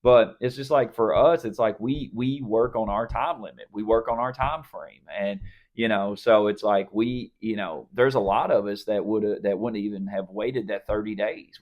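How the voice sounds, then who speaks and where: A man's voice: on the low side, muffled recording. A man on a church podcast, telling a story in a casual, rambling way with many fillers and restarts. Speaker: podcast co-host. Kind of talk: casual faith podcast chat.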